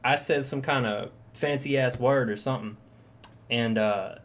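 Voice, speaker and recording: A man's voice: mid-range voice, moderate pace. A young man co-hosting a casual chat, rambling and profane, acting out quoted lines as he tells stories. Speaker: podcast co-host.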